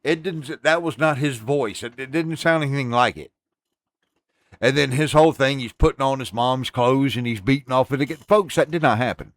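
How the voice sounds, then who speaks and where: A man's voice: medium pitch, moderate pace, dry recording. A man hosting a podcast, talking emphatically in a casual, ranting way and swearing freely as he speaks to his listeners. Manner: addresses listeners as folks. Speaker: podcast host. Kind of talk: casual chat.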